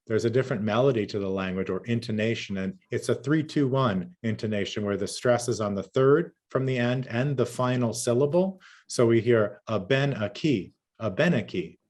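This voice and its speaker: A man who is a storyteller, telling a traditional tale and answering questions in a rhythmic, measured way over a video call. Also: medium pitch, a little mellow. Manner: rhythmic, measured, lingers on native words.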